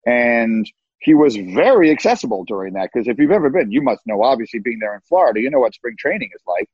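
A man's voice: mid-range voice, very animated, quick pace, husky, no room sound. A man telling sports stories as a podcast guest, emphatic and given to repeating words as he starts sentences. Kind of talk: animated storytelling. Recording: dull lo-fi, dry.

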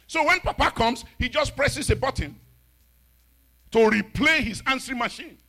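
A man preaching a sermon, telling stories in an animated way and building into shouted declarations. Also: very high voice, normal speed. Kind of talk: storytelling sermon, rising into shouted exhortation.

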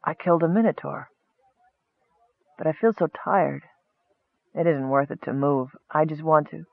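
A man's voice: on the high side, unhurried, gravelly, dry recording, narrow, tinny audio. A man voicing a dying male goblin who speaks in a faint, strained whisper. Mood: weary.

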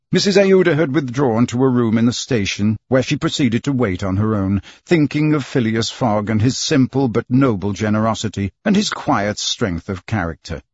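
A man narrating an audiobook in a steady, expressive reading. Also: mid-range voice, slightly rough, no echo, dull audio. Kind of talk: scripted narration.

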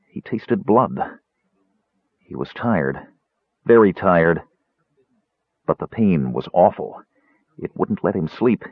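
A man reading a fantasy novel aloud in an expressive, dramatic narration. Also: on the low side, slightly rough, dry recording. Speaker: audiobook narrator. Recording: tinny narrow-band dry recording.

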